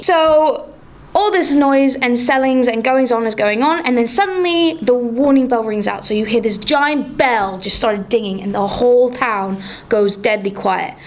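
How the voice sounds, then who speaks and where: A woman leads a tabletop role-playing game as game master, setting scenes and describing the action. Her voice sits fairly high. She tells the story in a lively, chatty way, with the odd filler along the way.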